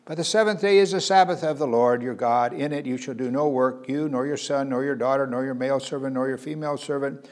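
A man preaching a sermon, earnest, swinging between loud emphasis and quiet asides, with frequent hesitations. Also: medium pitch, steady tone, a little fast, few pauses. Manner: earnest, varies loudness for emphasis, frequent uh fillers.

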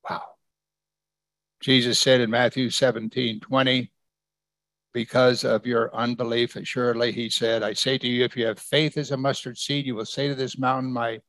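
A man's voice: mid-range voice, gravelly, fairly bright tone, no room sound. A man preaching a conversational sermon, reading scripture verse by verse and putting questions to his listeners. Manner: conversational, asks the congregation questions. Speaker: pastor.

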